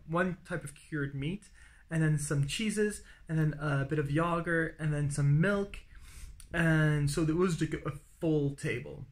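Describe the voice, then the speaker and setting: Young man, slightly high voice, casual travel diary, rambling, lots of fillers, acts out quoted lines. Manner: rambling, with many fillers and restarts, acting out quoted exchanges. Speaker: traveler recording a daily diary.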